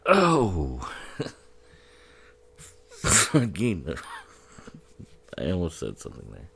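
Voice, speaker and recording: A man's voice: sits low, wildly swooping pitch, extremely slow, vocal fry, a bit bright, slightly rough. A man giving casual, profane, sarcastic commentary on a film, often laughing as he talks.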